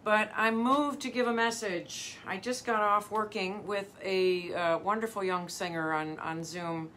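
A woman's voice: medium pitch, steady tone, measured pace, a bit bright, slight background noise. A middle-aged woman vocal coach giving a live motivational talk, earnest and emphatic, repeating her key phrases.

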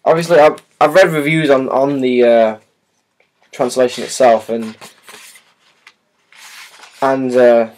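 A man's voice: medium pitch, steady tone, takes it slowly, pauses often, darkish tone. A man chatting casually and hesitantly as he unboxes and shows a new book, with many fillers and restarts. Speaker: vlogger.

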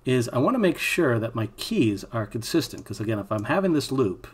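Man with a husky voice narrating a software tutorial. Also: mid-range voice, very animated, brisk. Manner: thinking aloud while working, casual asides. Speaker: animation instructor. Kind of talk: screen-recorded software tutorial.

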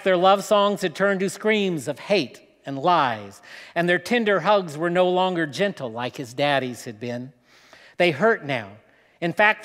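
A man preaching, telling a story in a slow, dramatic way with pauses. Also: high voice, fairly bright tone. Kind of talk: sermon storytelling. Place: church hall. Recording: long hall reverb.

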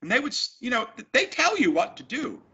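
A man's voice: very high voice, huge pitch swings, a little fast, bright, forceful tone. A man, an actor, talking emphatically and animatedly as an interview guest. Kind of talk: casual interview talk. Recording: dull lo-fi sound.

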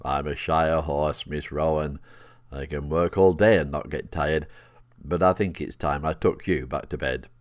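A man voicing a gentle, kindly male rocking horse who speaks in a steady, reassuring way. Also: rumbling low, a little slow, dry recording, clean studio sound.

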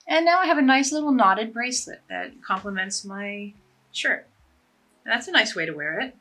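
A woman's voice: a little high, animated, normal speed, pushed and bright. A woman chatting casually and enthusiastically as she demonstrates ways to tie scarves, with a self-deprecating humor. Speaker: fashion vlogger.

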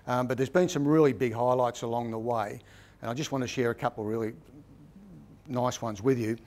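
A man's voice: medium pitch, fairly even intonation, a little fast, darkish tone. A middle-aged man with an Australian accent, giving a casual, rambling book talk that is full of stories and tags like "right?". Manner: chatty, repeats "right?" often, rambling with restarts. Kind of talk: casual storytelling presentation.

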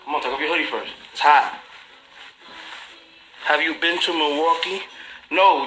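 A man's voice: on the high side, normal speed, long pauses, pushed and bright, faint music behind, low-quality recording. A young man with a New York accent, casually chatting and teasing commenters on a livestream. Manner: laid-back, slangy, mocking. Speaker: livestream host.

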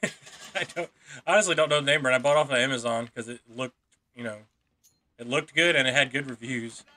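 A man chatting casually while playing an online shooter, excitable and quick to laugh, talking into a microphone on a stand. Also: medium pitch. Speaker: gamer recording content. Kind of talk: casual gaming chat.

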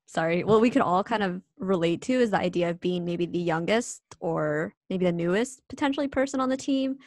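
A woman's voice: lowish voice, a little fast, darkish tone, no room sound, studio quality. A young woman co-hosting a podcast, easygoing, steering the conversation. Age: young adult. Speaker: podcast co-host. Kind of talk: casual podcast chat.

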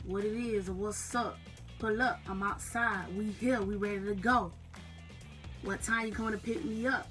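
A woman's voice: mid-range voice, recorded from a distance. A young woman with a Southern US accent, chatting casually to camera in a slangy, emphatic way. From Southern United States. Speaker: vlogger.

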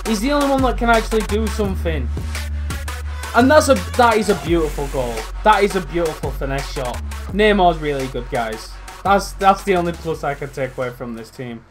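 A young man commentating his own football video game, swearing, swinging between loud outbursts and low muttering. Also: lively intonation, fairly quick, faint music behind. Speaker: gaming YouTuber. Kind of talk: live gameplay commentary.

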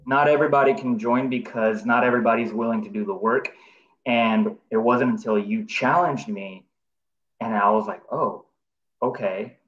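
Man guest, fairly low voice, earnest, halting delivery, muffled remote line. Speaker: artist, program student and guest. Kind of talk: casual interview chat.

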